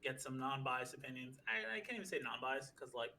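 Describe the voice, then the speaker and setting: Bright-voiced man, casual and sweary. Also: medium pitch, animated, a little fast, slight background noise, rough recording. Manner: laid-back, swears a lot, acts out quotes and laughs often. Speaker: podcast co-host. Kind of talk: casual podcast chat.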